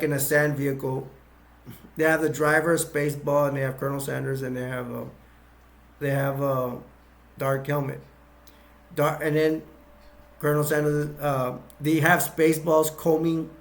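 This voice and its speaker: A man with a gravelly, slightly higher voice casually retells a movie plot as a reviewer. He rambles, leaning on fillers and restarting his sentences often.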